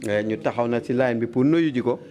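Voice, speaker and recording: A man interpreting live at a hearing, quick and filling gaps with "eh". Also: medium pitch, warm tone. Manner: quick, with many "eh" fillers. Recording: faint background noise.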